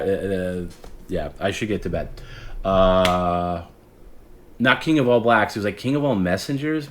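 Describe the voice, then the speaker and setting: A man's voice: sits low, a little hiss or hum. A man in his forties, the host of a late-night stream, telling rambling stories in casual chat and acting out the callers he remembers. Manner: rambling, self-interrupting storyteller who acts out quoted callers.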